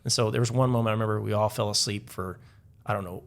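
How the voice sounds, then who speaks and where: A man with a fairly low voice tells stories as a podcast guest. He rambles easily, leans on "like" and "um," and chuckles at his own stories. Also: steady tone, fast, gravelly. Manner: rambling, heavy with "like" fillers, chuckles while telling stories. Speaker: podcast guest, Navy veteran. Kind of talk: casual storytelling interview.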